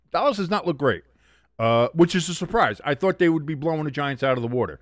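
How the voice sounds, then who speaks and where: A man hosts a live football watch-along, calling plays as they happen and reading chat between them. His pitch sits in the middle, he swings between eager calls and low, swearing asides, and the sound is close and dry with no room echo. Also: animated, quick pace. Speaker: host of a live sports watch-along stream. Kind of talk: casual live play-by-play commentary.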